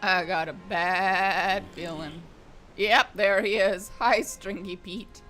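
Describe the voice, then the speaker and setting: A woman's voice: mid-range voice, steady tone, slow pace, pushed and bright, faint music behind. A woman streaming a role-playing game, chatting casually with wry, muttered asides. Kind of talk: casual gameplay commentary.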